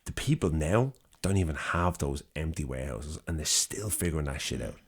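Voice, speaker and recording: A young man with a Dublin accent talks in a low, deep register. His delivery is animated and full of swings in pitch. He argues in a casual podcast debate, cursing and piling up phrase after phrase for emphasis. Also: fairly quick, slightly rough. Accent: Dublin Irish. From Dublin, Ireland. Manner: emphatic, sweary, piles up repeated phrases. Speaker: podcast co-host. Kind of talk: casual debate over drinks.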